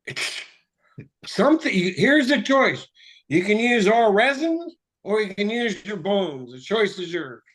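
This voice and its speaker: Man, interview guest, higher-pitched, profane, excitable, rambling. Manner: explains chemistry in quick lecture bursts. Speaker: guest, water filter developer. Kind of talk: casual interview talk.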